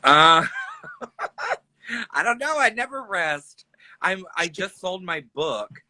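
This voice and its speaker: A man's voice: sits high, very animated, slow pace, sharp tone, no room sound, poor audio. A man in his thirties, a drag performer chatting casually on a livestream, joking and laughing often. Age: 30s.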